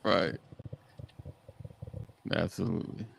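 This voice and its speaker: A man co-hosting a podcast in casual chat, chiming in with quick agreement. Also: deep voice, steady tone, gravelly, fairly bright tone, slight background noise, rough recording. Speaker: podcast co-host.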